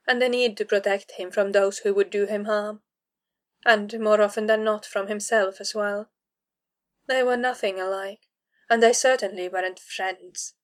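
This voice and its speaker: Woman reading a fantasy novel out loud, steady and measured, middle pitch. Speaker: audiobook narrator. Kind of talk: scripted narration.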